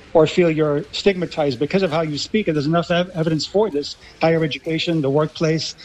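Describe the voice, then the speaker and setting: A man with an American accent, from Los Angeles, making measured, lecturing points as a radio panel guest. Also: a little high, low-quality recording. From Los Angeles, USA. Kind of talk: radio discussion.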